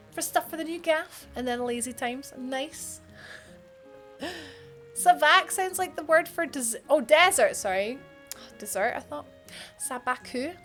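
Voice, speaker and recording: Woman streamer, high voice, sleepy, playful chatter while gaming. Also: fairly bright tone. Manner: playful, baby talk to a pet. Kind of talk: casual chat while gaming.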